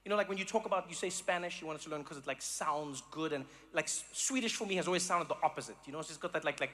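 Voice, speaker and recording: A man doing stand-up comedy, animated and acting out voices and sounds. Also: fairly high pitch, fast talker, few pauses, slight background noise. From South Africa.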